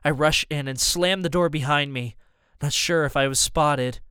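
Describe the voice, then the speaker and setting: A man narrates an adventure story in the first person, steady and even. His voice is smooth and resonant, pitched a bit high for a man, and the recording is dry and close with no room sound. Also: moderate pace, dry recording. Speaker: audiobook narrator.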